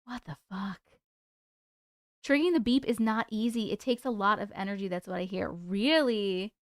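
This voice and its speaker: A woman hosting a casual live stream from her desk at home, chatty and excitable, swearing freely. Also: mid-range voice, moderate pace, dry recording, studio quality.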